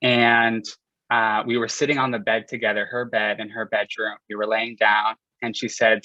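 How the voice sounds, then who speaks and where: A man's voice: lowish voice, flat delivery, normal speed, pushed and bright, dry recording. A young man sharing a personal story with a community group in a candid, confessional way, speaking loosely with lots of "like" and "you know", over a video call. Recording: dull lo-fi audio.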